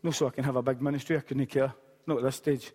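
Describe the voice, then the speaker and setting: A man's voice: medium pitch, fairly even intonation, fast talker, darkish tone, husky. A man, preaching a sermon as a pastor and telling a story with humorous asides. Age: late 40s. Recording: long hall reverb.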